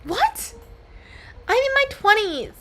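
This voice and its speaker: A woman's voice: very high-pitched, huge pitch swings, takes it slowly, background noise, pitched above the performer's own voice, full character voice. A woman doing a drowsy lazy frog in a pot. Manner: sleepy, laid-back, a little grumpy.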